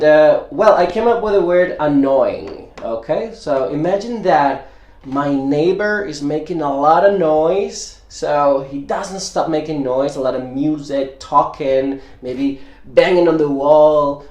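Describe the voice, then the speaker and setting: A man's voice: on the high side, animated, a little mellow, lo-fi sound. Man teaching English, saying "okay?" a lot. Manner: explains slowly, repeats "okay?" after each point. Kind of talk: casual video lesson. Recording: echoey room.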